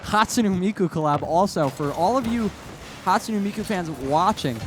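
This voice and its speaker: Playful higher-voiced man co-casting. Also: expressive, moderate pace, slight background noise. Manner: playful, teasing banter. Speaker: esports co-caster. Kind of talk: joking color commentary. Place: college esports studio set.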